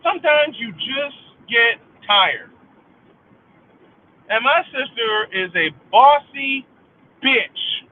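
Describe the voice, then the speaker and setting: A man's voice: extremely high pitch, animated, takes it slowly, long pauses. A middle-aged man hosting a livestream, venting in an angry, profane monologue and repeating lines for emphasis. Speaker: livestream host. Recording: tinny phone-like sound.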